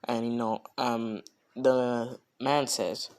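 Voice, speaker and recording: Young man, casual fan-story narration, rambling, slow, mid-pitched. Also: steady tone. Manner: rambling, heavy on "you know" fillers.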